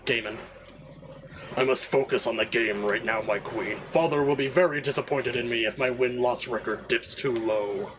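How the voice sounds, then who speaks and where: Stiff, literal-minded young constructs speaking in flat, formal tones, as a man puts them on. The voice drops lower than his own and stays muted, with faint game music behind. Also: normal speed, lightly acted. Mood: deadpan.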